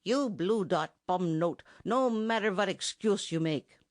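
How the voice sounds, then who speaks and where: A woman's voice: mid-range voice, expressive, a little slow, no echo, clean studio sound, lightly acted. Woman doing a pompous German bandmaster. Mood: blustering. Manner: pompous, scolding, mangled English. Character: blustering middle-aged German bandmaster, bossy. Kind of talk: audiobook character voice.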